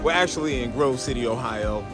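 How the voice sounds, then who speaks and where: A middle-aged man from New Jersey hosting a casual vlog on a handheld phone, lively and chatty, calling his viewers y'all. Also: mid-range voice, fairly quick. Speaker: vlogger host. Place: restaurant and parked car. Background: music playing.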